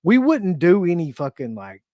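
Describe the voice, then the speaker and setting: A man with a slightly high voice weighing in on a casual show discussion. He talks earnestly, setting out his reasons one numbered point after another. The sound is dry and close to the mic. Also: huge pitch swings, moderate pace, darkish tone, dry recording. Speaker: co-host.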